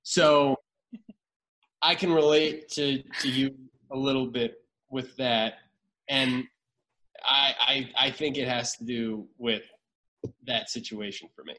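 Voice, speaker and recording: A man's voice: mid-range voice, fairly even intonation, slow, pauses often, bright, forceful tone, rough recording. Rambling man telling stories. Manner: rambling storyteller with many restarts. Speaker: actor and podcast guest. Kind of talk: casual chat.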